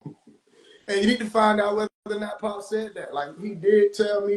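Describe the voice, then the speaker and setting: Man, young adult, high-pitched, animated and profane, laughing a lot, echoey room. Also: moderate pace. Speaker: livestream host. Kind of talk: casual livestream rant. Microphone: phone.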